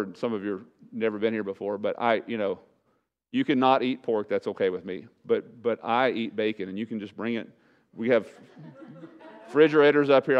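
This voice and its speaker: Animated preaching pastor, dull lo-fi sound. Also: male voice, medium pitch, smooth. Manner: animated preaching, rising loud and slowing for emphasis. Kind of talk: sermon. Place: church sanctuary.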